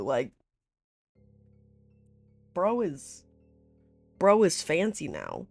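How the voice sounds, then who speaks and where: Low-voiced woman, chatty and slow. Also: huge pitch swings, darkish tone, no echo, soft background music. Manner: chatty and rambling, full of "like", with laughs and swearing. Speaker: vlogger recapping a horror series. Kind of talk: casual chat.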